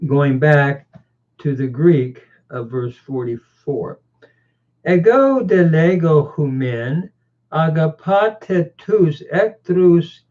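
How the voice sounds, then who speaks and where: Slow, tinny-sounding male lecturer. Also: on the high side. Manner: deliberate, halting, with many "uh" fillers. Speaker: teacher of biblical languages.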